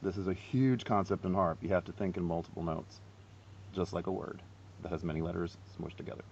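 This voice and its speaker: A man giving a casual, self-deprecating harp lesson, chatty and quick to laugh at himself. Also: low voice, steady tone, vocal fry, a little mellow, lo-fi sound, a little hiss or hum. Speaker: harp teacher.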